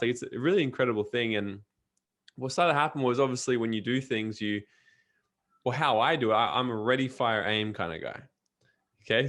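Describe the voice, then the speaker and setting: A man's voice: on the low side, fairly bright tone. A man, a guest on an interview, talking energetically and emphatically with frequent restarts. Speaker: podcast coach and guest. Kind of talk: casual interview talk.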